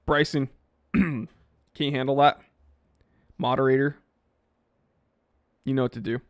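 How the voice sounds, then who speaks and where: A man's voice: medium pitch, steady tone, a little slow, dry recording, clean studio sound. A man hosting a live stream, casually reading viewer comments aloud and rambling offhand about them. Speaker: watch channel host reading live chat.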